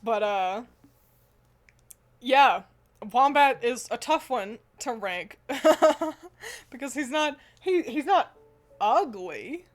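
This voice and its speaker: A woman's voice: fairly high pitch, lively intonation, takes it slowly, pauses often. A woman co-hosting a casual chat, giggling often and rambling with fillers and restarts, swearing now and then. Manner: giggly, laughs often between phrases. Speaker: co-host ranking anime mascots. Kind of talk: casual chat while editing a tier list.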